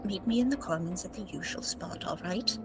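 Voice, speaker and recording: A woman voicing a shrewd, flattering old woman who runs a supply depot and sweetly calls people dear. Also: fairly low pitch, brisk, over music, voice pushed up, natural voice. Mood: calm.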